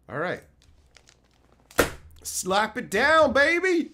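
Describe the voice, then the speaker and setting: A man's voice: high voice, wildly swooping pitch, drawn-out words, long pauses, sharp tone, slight background noise. A man chatting casually on a live stream, telling stories animatedly and laughing often.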